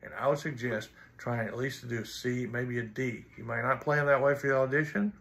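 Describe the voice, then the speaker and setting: A man's voice: medium pitch, steady tone, a little fast, creaky, a bit bright. A man teaching trombone in an instructional video, blunt and teasing, counting and singing rhythms aloud.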